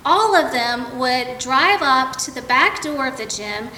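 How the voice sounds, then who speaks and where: A woman pastor delivers a sermon, retelling a Bible story in an easy, conversational way. Her voice is high and bright, and it rings a little in an echoey room. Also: animated, a little slow, slight background noise.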